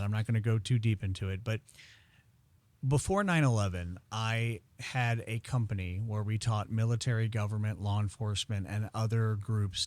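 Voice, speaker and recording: A man telling stories in a relaxed interview, acting out quoted dialogue as he goes. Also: on the low side, dry recording. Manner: animated storyteller, acts out quoted dialogue. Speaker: podcast guest, incense expert. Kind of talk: conversational interview storytelling.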